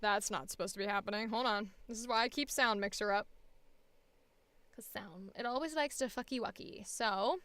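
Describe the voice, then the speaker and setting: A woman's voice: mid-range voice, moderate pace, fairly bright tone, no room sound. A woman voice actor chatting casually while preparing auditions, thinking aloud and interrupting herself. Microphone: headphones monitoring at a home recording setup.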